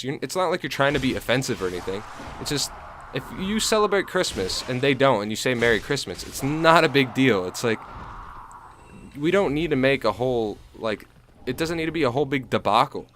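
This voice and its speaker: A man's voice: medium pitch, fairly bright tone. A young American man chatting loosely over gameplay, rambling with lots of fillers and restarts. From United States. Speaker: gaming YouTuber. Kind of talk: casual gameplay commentary.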